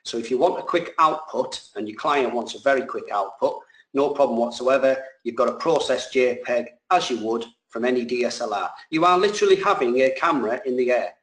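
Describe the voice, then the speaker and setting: A man's voice: mid-range voice, brisk, a bit bright, reverberant, low-quality recording. A man, a drone pilot and trainer answering questions in a casual, rambling way that often corrects itself mid-sentence.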